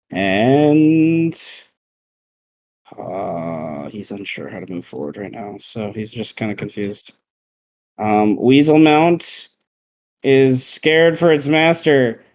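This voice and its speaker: A man narrating a tabletop game as game master, speaking hesitantly with many fillers. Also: fairly low pitch.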